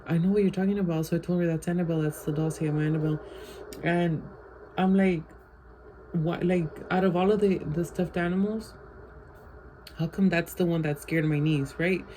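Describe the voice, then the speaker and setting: Flat-voiced woman rambling through a storytime. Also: on the low side, fairly quick, a little hiss or hum, poor audio. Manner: rambling, filler-heavy storytelling with Spanish phrases mixed in. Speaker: vlogger. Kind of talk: casual storytime. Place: home.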